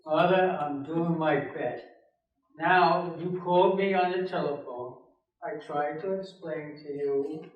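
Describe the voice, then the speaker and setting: A man's voice: on the high side, steady tone, slow pace, muffled recording. An older man playing an exasperated grown son who pleads with his mother on the phone, in a flustered, placating manner. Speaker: amateur skit performer. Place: senior center hall. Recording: echoey hall from far off.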